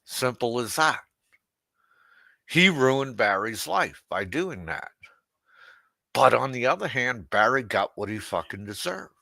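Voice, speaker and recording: A man hosts a livestream in a slow, unhurried drawl, heaping crude mockery on his targets and chuckling at his own jabs. His voice is gravelly and edged with a sharp, tense brightness, recorded close and dry. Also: medium pitch, sing-song, no echo. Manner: crude, mocking, laughs at his own jokes. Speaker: livestream host. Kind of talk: unscripted livestream rant.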